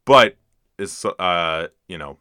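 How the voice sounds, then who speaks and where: A man talking on a podcast in a lowish voice with a bright, forward edge. He drops dry jokes and hesitates on fillers, recorded dry and close. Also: expressive, slow pace, clear, resonant tone, no room sound. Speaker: podcast co-host. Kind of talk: casual chat.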